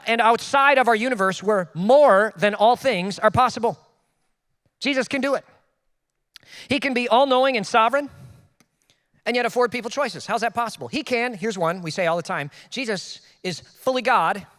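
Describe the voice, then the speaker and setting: High-voiced male pastor preaching animatedly. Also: normal speed, big-room sound. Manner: animated preaching with sudden loud emphases and self-deprecating asides. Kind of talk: sermon.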